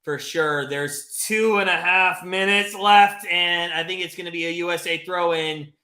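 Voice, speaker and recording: A man with a high, bright, sharp voice hosts a live watch party for a football match. He swings between tense muttering and loud, sweary cheering. His voice bounces around a roomy, echoey space. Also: fairly even intonation, measured pace. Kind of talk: excited live match reaction.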